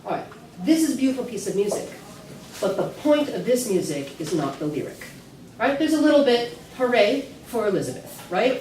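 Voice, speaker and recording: A woman's voice: on the high side, big pitch swings, fairly quick, a little mellow, a little hiss or hum. A woman teaching a singing workshop to a class, chatty, with many fillers and restarts, recorded from afar in an echoey classroom. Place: classroom at an early music event. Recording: echoey room mic from far off.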